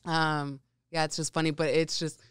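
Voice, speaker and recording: An American woman chatting casually on a podcast with a very clean, smooth tone. She rambles and fills her talk with fillers. The sound is close and dry. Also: low-pitched, level tone, moderate pace, dry recording. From United States. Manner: rambling, lots of "like".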